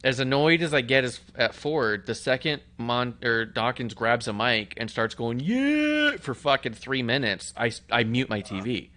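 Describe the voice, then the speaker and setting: A man's voice: mid-range voice, normal speed, hardly any pauses. A man co-hosting a wrestling podcast, talking casually with crude jokes and blunt opinions. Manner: profane, joking, animated. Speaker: podcast co-host.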